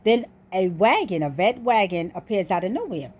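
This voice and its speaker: A woman's voice: mid-range voice, very animated, moderate pace, darkish tone. A woman casually telling a story to her viewers, acting out what the people in it said. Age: adult. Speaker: vlogger.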